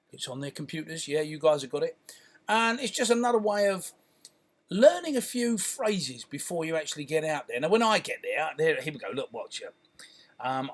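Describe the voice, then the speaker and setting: A middle-aged man, a content creator and filmmaker, talking casually to camera in a chatty, playful way with lots of "yeah?" tag questions. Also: a little high.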